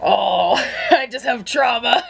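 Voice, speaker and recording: A woman's voice: fairly high pitch, takes it slowly, creaky, a bit bright, a little hiss or hum. A woman vlogger reading a children's storybook aloud and breaking off into chatty, joking asides.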